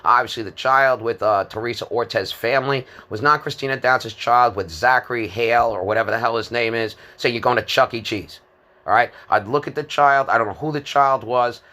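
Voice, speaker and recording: A man's voice: medium pitch, a little fast, bright, forceful tone. A man in his fifties giving a rambling, disjointed monologue, hesitant, with many fillers and repeated words. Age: 50s.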